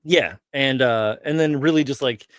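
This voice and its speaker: A man's voice: medium pitch, moderate pace, fairly bright tone, no room sound, studio quality. A man as a guest on a casual livestream, talking candidly and hesitantly with lots of fillers. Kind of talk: casual chat.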